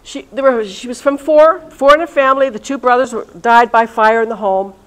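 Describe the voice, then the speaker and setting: Chatty nun with a high voice. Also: female voice, a little fast, poor audio. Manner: chatty and lively, talks directly to listeners. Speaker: religious sister leading a reunion session. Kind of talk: informal talk to a live audience. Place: college event room.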